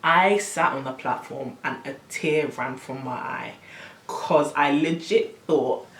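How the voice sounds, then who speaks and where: A young woman telling a story on her vlog, animated and exasperated, full of slang. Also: extremely low pitch, slow pace, far from the mic. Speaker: vlogger. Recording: roomy, camera set back.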